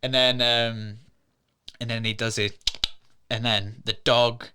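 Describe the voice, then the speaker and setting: A man co-hosting a studio podcast, casually retelling a film's plot in an animated way and acting out characters' lines. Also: medium pitch, slow pace, background noise. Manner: animated retelling, acts out quotes in put-on voices. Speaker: podcast co-host. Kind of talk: casual film review chat.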